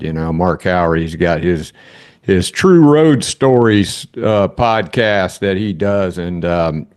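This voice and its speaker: A man's voice: deep voice, animated, slow pace, darkish tone, smooth, no echo, studio quality. A man hosting a podcast, easygoing and chummy in casual interview chat. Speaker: podcast host.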